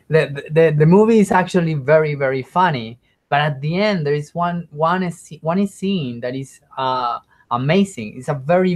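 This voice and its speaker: A man's voice: a little high, rough recording. A man who is an English student, telling a story in casual conversation practice, hesitant, with many restarts as he searches for words.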